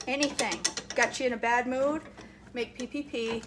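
A woman's voice: on the high side, fairly even intonation, normal speed, noisy background. A woman vlogging from her home kitchen stove, chatting and joking in a playfully bossy way as she cooks for a camera set up nearby. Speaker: cooking vlogger. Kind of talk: casual cooking demonstration. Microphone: camera set up near the stove. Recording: clattering pots and whisking behind voice.

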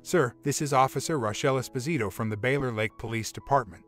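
A man voicing a commanding female police officer, read firmly and a little higher. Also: quick pace, fairly bright tone, faint music behind, natural voice.

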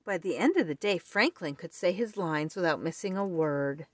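A woman reads a children's picture book aloud, slow and expressive in her storytelling. Her voice is on the low side, with no echo.

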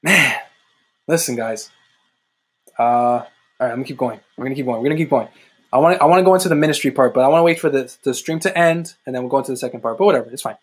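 A man's voice: mid-range voice, very fast, breathy edge. A man preaching a livestreamed sermon into his laptop, fervent and conversational, repeating his refrains. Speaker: street-style online preacher.

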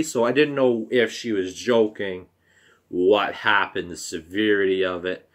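Young man retelling a hard memory. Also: medium pitch. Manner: halting, emotional retelling with fillers and restarts; blunt, swears casually. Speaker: vlogger. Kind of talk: personal storytime.

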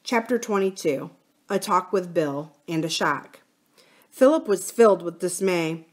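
A woman from a library reading a children's adventure book aloud in a clear, even storytelling voice. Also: lowish voice, a little slow.

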